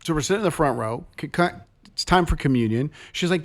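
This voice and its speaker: A man's voice: mid-range voice, brisk. A man co-hosting a show in casual chat, telling stories expressively and acting out quotes. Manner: expressive storyteller, acts out quotes. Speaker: co-host.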